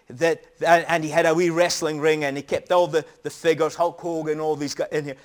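A middle-aged man preaching a sermon in an earnest, emphatic storytelling manner. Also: on the high side.

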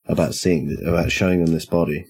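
A man acting as game master, describing scenes in a relaxed, hesitant way. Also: low voice, a little fast, breathy edge. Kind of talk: narrating a tabletop game.

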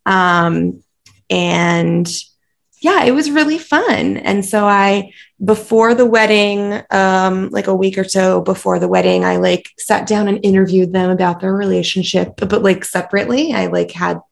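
A woman co-hosting a podcast in casual chat, talkative and quick to laugh, with a lot of "like" in her speech. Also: mid-range voice, fairly even intonation, gravelly. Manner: chatty, laughs easily, lots of "like". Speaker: podcast co-host and dance studio owner.

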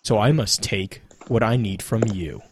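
A man's voice: lowish voice, measured pace, background noise. A man reading as a ruthless alien god-king. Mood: commanding.

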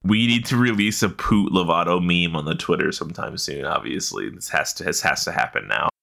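A man in his thirties banters on a podcast, cracking jokes and swearing freely. His voice sits a little low but sounds bright and forceful. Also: a little fast, gravelly. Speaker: podcast co-host. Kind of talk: casual chat.

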